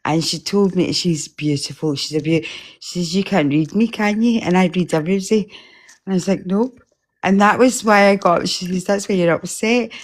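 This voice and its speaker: Woman with a slightly low voice, rambling and emotional, a caller on a live stream. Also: moderate pace. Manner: emotional, rambling, laughs often. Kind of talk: casual chat.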